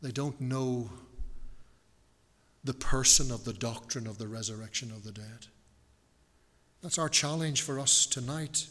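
A male pastor delivers a sermon at an unhurried, deliberate pace, leaning on repeated words to drive his points home. His voice sits at an ordinary middle pitch. It rings out with the long reverb of a church hall. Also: pushed and bright. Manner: earnest, emphatic preaching with repetition and slowed stresses.

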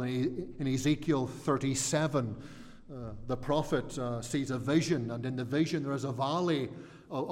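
Slow, earnest Ulster preacher in a hall. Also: male voice, medium pitch, darkish tone. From Northern Ireland. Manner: earnest, repeats words when searching for a phrase. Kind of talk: expository sermon. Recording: long hall reverb.

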